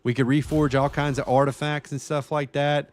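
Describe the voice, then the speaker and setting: A man's voice: a little high, moderate pace. A man streaming a game and chatting casually, swearing freely and ranting with animation. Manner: profane, animated rant.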